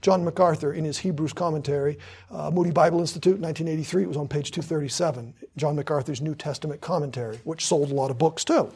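A man's voice: on the high side, quick pace, darkish tone, slightly rough. A man preaching a sermon with fervor, hammering points through repetition and drawing out scripture for emphasis.

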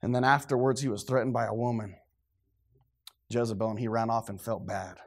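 A man preaching a sermon, animated and dramatic, acting out scenes and swinging from quiet, low passages to shouted ones. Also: a little fast.

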